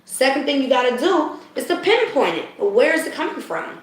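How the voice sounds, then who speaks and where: A chatty woman does a live spiritual card reading and keeps talking straight to her viewers. Her voice sits a little high and is going hoarse. She is set back from the mic in a very echoey room with a faint hiss behind her. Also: very animated, normal speed, recorded from a distance. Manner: chatty, addresses viewers as "guys", frequent "okay?". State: losing her voice.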